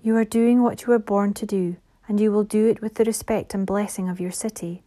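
A gentle, brave young heroine speaks softly in a fantasy audiobook, voiced by a woman reader. Her tone is mellow and warm. She speaks evenly and tenderly. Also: medium pitch, steady tone, brisk, lightly acted. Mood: encouraging. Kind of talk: audiobook character voice.

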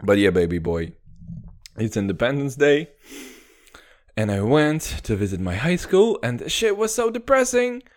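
A man's voice: a little high, sing-song, normal speed. A young man rambling through a casual solo podcast, jokey and full of swearing. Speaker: podcast host.

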